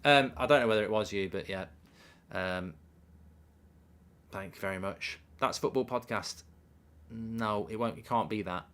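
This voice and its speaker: A man hosting a live football watchalong, rambling and self-mocking as he chats, often dropping into a quiet mumble. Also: fairly low pitch, moderate pace, long pauses, smooth. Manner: rambling, self-mocking, riffs on ideas and reads out viewer messages. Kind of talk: casual live commentary and chat reading.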